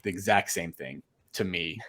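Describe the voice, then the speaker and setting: This middle-aged man, a storm chaser and photographer appearing on a casual podcast, has a deep, bright, forceful voice and a moderate pace. He rambles earnestly, restarting often and leaning on fillers, and speaks openly about how he feels.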